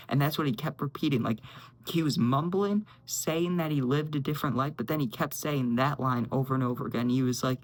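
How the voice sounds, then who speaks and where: A man's voice: mid-range voice, a little fast, rough recording. A young man casually telling a story, rambling and saying "dude" constantly while acting out what others said. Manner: rambling, says "dude" constantly, acts out quotes.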